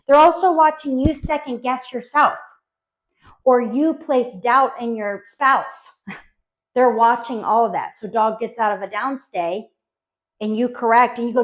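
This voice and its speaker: A woman dog trainer explaining training phases to owners, animated and acting out little voices for dogs and owners. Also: fairly high pitch, unhurried. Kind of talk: spoken instructional talk to dog owners. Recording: dull lo-fi sound.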